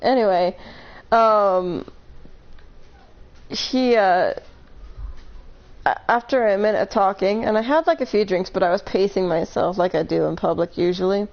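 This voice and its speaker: A woman's voice: medium pitch, measured pace, long pauses, lo-fi sound. A woman casually telling a long story on a live stream, rambling, correcting herself and laughing between points.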